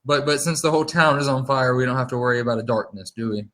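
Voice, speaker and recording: A man's voice: medium pitch, fast talker, fairly bright tone, slight background noise. A man playing a tabletop game who plans the party's tactics and often repeats words as he thinks. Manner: strategizing, stumbles over repeated words. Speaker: player. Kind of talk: casual tabletop play.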